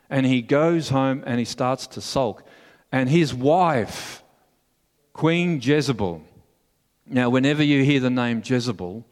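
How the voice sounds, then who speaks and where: A male pastor preaching a sermon in an earnest, measured, storytelling manner. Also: medium pitch. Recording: long hall reverb.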